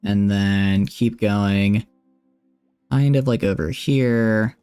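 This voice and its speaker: A young man streaming a game, chatting with viewers in a relaxed, jokey way while he plans his builds. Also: lowish voice, drawn-out words, smooth, faint music behind. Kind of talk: casual gameplay commentary chatting with viewers.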